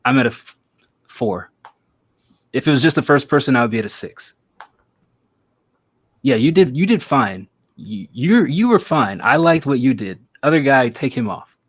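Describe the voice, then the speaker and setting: A man's voice: medium pitch, sing-song, moderate pace, long pauses, slightly rough, no echo. Blunt man hosting a music review stream. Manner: blunt, offhand. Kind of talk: casual live-stream chat.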